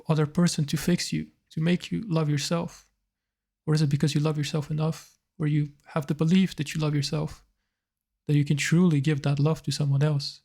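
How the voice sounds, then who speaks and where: Thoughtful man musing with a gravelly voice. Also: on the high side, a little mellow. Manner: thoughtful, hesitant, musing aloud. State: slightly tearful. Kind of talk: reflective personal monologue.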